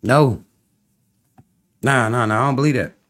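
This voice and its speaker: A man chats loosely to his livestream viewers and reads out their comments. He laughs often and teases in a mocking, rambling way. His voice sits at an ordinary middle pitch. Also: unhurried, fairly bright tone. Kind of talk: casual livestream chat.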